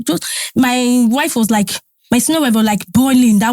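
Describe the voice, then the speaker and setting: A woman with a Nigerian accent, a podcast guest telling a story in animated casual talk, slipping into Pidgin and Yoruba. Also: a little high, brisk, no room sound, clean studio sound. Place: podcast studio.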